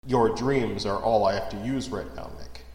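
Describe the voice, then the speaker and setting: A man's voice: fairly low pitch, fairly even intonation, moderate pace, a little mellow, roomy sound, in a large hall, close to an everyday voice. Sly coaxing dream spirit, cagey and wry, read by a male narrator.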